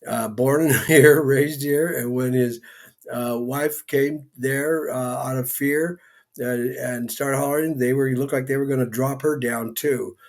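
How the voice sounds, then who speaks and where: A man from Northern California co-hosting a casual chat, telling stories with animation and acting out quotes. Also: a little slow. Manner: animated storytelling, acts out quotes in a high excited voice. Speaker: co-host. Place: home porch.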